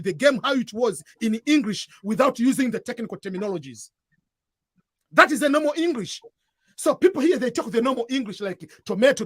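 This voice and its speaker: Very high-pitched and husky, the voice of a man from East Africa comes through a dry recording. His first language is Swahili and his accent East African; as a guest he earnestly advises newcomers in a casual chat, often restarting and repeating phrases.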